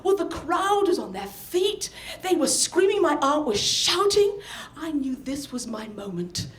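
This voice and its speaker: A woman from the north of England, performing a personal story live with animated, dramatic delivery. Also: sits high, measured pace, roomy sound. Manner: animated, dramatic, acts out scenes. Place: storytelling event venue.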